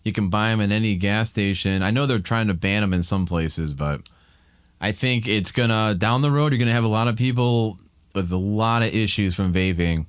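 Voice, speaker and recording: A man from Ohio, in his thirties, talks in a candid, rambling way, often restarting his sentences. His voice sits low. The sound is dry and close. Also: moderate pace, smooth, no echo. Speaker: podcast guest. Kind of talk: casual chat.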